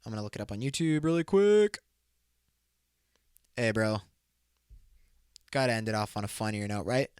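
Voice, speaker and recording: A man's voice: lowish voice, sing-song, normal speed, long pauses, darkish tone, clear, resonant tone, dry recording, clean studio sound. A young man hosting his own podcast, rambling loosely in a casual, profane, bro-ish way. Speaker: podcast host. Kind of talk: casual solo podcast talk.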